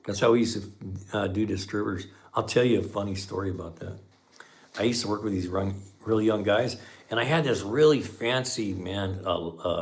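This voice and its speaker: A middle-aged man hosting a live stream as a mechanic, chatting casually with viewers and telling folksy shop stories. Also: lowish voice. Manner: folksy storyteller, says man a lot.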